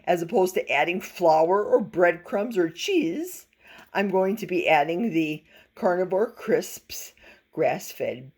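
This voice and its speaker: A woman's voice: fairly low pitch, a little mellow, husky. A woman chatting casually through an unboxing vlog, folksy and playful, with cheerful exclamations and handheld camera. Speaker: vlogger. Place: home in a forest.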